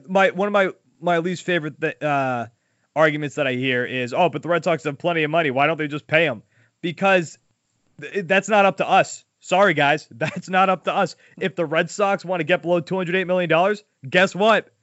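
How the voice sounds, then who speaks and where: Opinionated man, high voice, lo-fi. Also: a bit bright, dry recording. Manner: opinionated, emphatic. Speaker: podcast host. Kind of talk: casual sports chat. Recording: dull lo-fi dry sound.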